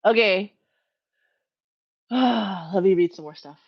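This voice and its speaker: A woman's voice: medium pitch, slow, husky, lo-fi sound. Rambling woman chatting on a livestream. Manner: rambling, self-correcting, chatty with frequent laughs. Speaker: livestream host. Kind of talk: casual live Q&A chat. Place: at home.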